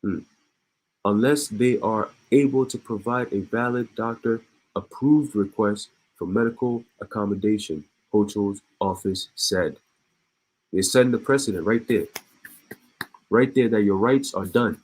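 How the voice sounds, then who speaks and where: A low-pitched man reads the news aloud in a casual way and comments between the lines. His voice is husky. He repeats words and breaks off with short laughs. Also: a little slow, darkish tone, poor audio. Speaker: online commentator.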